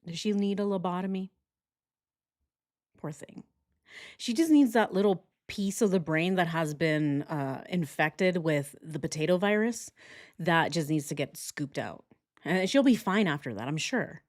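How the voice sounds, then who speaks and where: A woman hosts a casual livestream and reacts to true crime clips. Her pitch swings all over as she talks, and she laughs often. Her comments are sarcastic. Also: lively intonation, a little slow.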